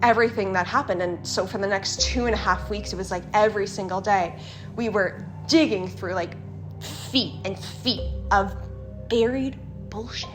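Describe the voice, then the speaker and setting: A woman's voice: medium pitch, moderate pace, music in the background. A young woman, telling a personal family story as an interview guest in a candid, emotional way with some swearing. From Canada.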